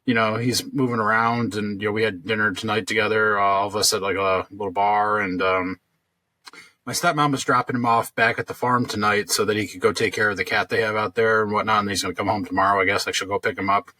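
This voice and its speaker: A man's voice: lowish voice, steady tone, fast, sharp tone, no room sound. A man co-hosting a podcast, telling a long story in casual chat, rambling with lots of fillers and restarts. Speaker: podcast co-host.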